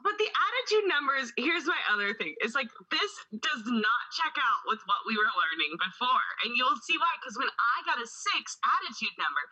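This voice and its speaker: Woman, podcast co-host, husky breathy voice, very bright tone, lively pitch, dull lo-fi recording. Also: moderate pace, hardly any pauses. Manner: loose and chatty, swears and laughs often. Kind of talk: casual podcast chat.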